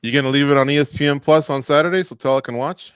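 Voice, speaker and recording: A man's voice: on the high side, rapid-fire, smooth, no room sound, clean studio sound. A man hosting a radio interview, friendly and joking, hyping up his guest. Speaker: radio show host.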